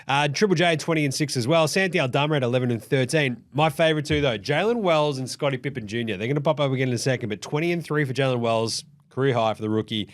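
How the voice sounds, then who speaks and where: Animated, foul-mouthed Australian man. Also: medium pitch. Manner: swears freely and acts out players' voices. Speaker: basketball recap show host. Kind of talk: casual profane game recap.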